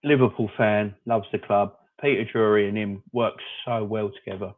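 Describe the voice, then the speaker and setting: A man hosts a casual live stream for a fan channel, reading the live chat and answering viewers by name in a rambling, opinionated way. His voice is lowish with fairly even intonation at normal speed, and the audio is narrow and phone-like.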